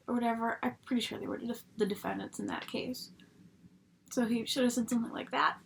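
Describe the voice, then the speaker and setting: A woman's voice: fairly high pitch, fairly even intonation, moderate pace, gravelly, a little hiss or hum. A young woman reviewing a TV episode from home at her laptop, chatty and rambling, swearing freely. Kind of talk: casual spoken review.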